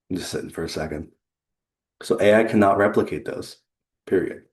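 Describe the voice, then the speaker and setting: Earnest man presenting, low voice. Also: a little mellow, roomy sound. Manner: earnest and conversational, with pauses for effect. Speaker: leadership consultant and presenter. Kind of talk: presentation to a remote audience.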